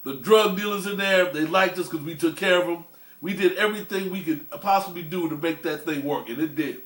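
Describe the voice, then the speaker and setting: A man's voice: on the high side, fairly quick, a bit bright. A man telling profane, swaggering stories in casual talk, with many restarts and laughs at his own tales. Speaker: storyteller host. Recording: roomy echo.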